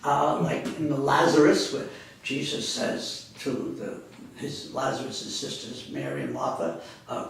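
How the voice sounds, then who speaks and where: Male lecturer, slightly high voice, meandering delivery, distant mic in a very echoey room. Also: very animated, normal speed. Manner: rambling, self-correcting, conversational. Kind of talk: university lecture. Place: classroom. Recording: echoey classroom, speaker far from mic.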